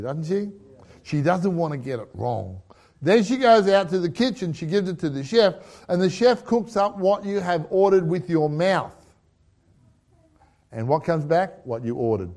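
A high-pitched Australian man delivering a humorous sermon, full of stories and jokes. He is middle-aged, chuckles at his own lines and keeps a chatty, storytelling manner. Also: darkish tone. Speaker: pastor.

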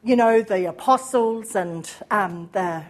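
A woman's voice: medium pitch, slow pace. An older woman giving a personal testimony at a church meeting, telling stories and acting out conversations, fervent when she praises God. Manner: storytelling, acting out both sides of conversations. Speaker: speaker at a women's church meeting.

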